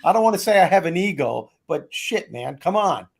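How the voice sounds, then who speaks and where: A man's voice: sits high, fairly quick, vocal fry, noisy background. A man hosting a podcast, talking casually and jokily. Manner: animated, jokey, does impressions. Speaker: host.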